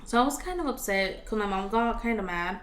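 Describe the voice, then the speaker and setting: A woman's voice: mid-range voice, lively intonation, fairly quick, a bit bright. A young adult woman telling a personal story in a casual vlog, chatty and full of fillers. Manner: chatty, filler-heavy, acts out quoted dialogue. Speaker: vlogger. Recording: roomy with faint background noise.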